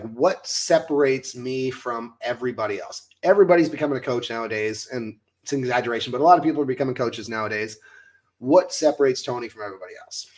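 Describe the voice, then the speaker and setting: Late-thirties American man, coach and host, animated storyteller. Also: medium pitch. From United States. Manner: animated, acts out his own past lines. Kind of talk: casual storytelling chat.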